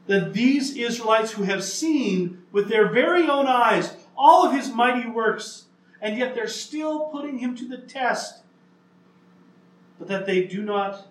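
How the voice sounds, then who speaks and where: Male preacher, emphatic sermon delivery, unhurried, roomy echo. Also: sits high, recorded from a distance. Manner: earnest, emphatic, with slow stressed lines.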